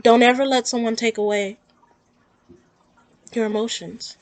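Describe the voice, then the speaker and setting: A woman's voice: a little high, steady tone, unhurried, darkish tone, no room sound. A woman talking earnestly and emotionally in a rambling, heartfelt vlog about her own grief. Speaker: vlogger. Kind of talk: personal talk to camera about grief.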